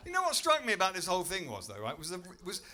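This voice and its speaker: A man from Britain doing stand-up comedy in a club, telling stories with loud incredulous outbursts. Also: high-pitched, rapid-fire, slight background noise. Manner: animated storytelling, bursts into loud incredulous outbursts. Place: comedy club stage before a live audience.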